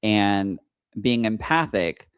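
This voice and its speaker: A young adult man hosting a casual podcast chat, animated and telling stories by acting out quoted lines. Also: lowish voice, slow pace, clean tone, no room sound. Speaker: psychic medium and podcast co-host.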